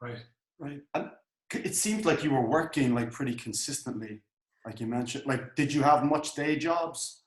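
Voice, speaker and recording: A man's voice: mid-range voice, moderate pace. A male podcast host with a mid-range voice keeps his interview casual. He mostly answers with brief affirmations and trips over restarts when he asks questions. The recording carries a roomy echo.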